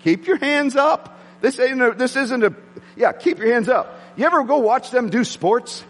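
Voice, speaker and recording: A man preaching a sermon to his congregation, excitable and prone to yelling. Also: extremely high pitch, moderate pace. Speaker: pastor. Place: church sanctuary with congregation. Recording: long hall reverb.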